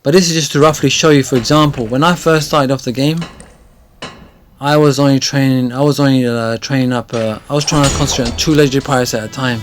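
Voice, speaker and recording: A man giving chatty, rambling gameplay tutorial commentary that often turns excited. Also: medium pitch, slight background noise. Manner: chatty, rambling with many fillers, grows excited. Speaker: gaming video creator.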